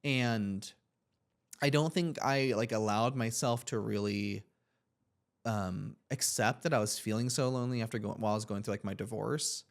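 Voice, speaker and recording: A young man with a fairly low, gravelly voice co-hosts a casual podcast, telling a long personal story at a moderate pace. He's earnest and reflective, rambling along and leaning on "like" as filler.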